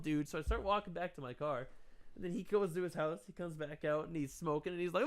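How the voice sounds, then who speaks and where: A man's voice: high voice, fast talker. A young man, co-hosting a podcast and acting out the voices in his stories. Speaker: podcast co-host. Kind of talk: casual storytelling.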